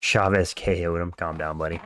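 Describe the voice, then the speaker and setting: Deep-voiced man streaming casual fight chat. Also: fairly even intonation, normal speed, a bit bright, dry recording, studio quality. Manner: slangy, chatty, thanks viewers for donations. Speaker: livestream host. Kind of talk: casual live fight-watch commentary.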